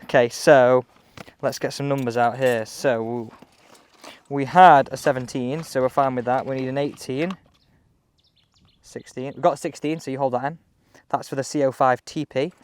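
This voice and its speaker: A man chatting excitedly as he reviews golf clubs outdoors on a course. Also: medium pitch, normal speed. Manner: chatty, excitable, thinking aloud. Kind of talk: casual on-course commentary.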